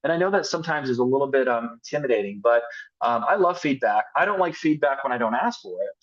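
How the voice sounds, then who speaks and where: A man's voice: mid-range voice, fast talker, lo-fi sound. A man giving a casual motivational talk on sales and team building, acting out sample conversations as he coaches. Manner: casual, energetic, acts out sample dialogues. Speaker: network marketing team leader.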